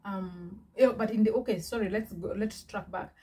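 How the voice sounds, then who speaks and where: A woman's voice: mid-range voice, normal speed, dark tone, slightly rough. A woman from Uganda telling a personal story in a chatty, restarting vlog style. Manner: chatty, repetitive, with many restarts and fillers. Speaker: vlogger.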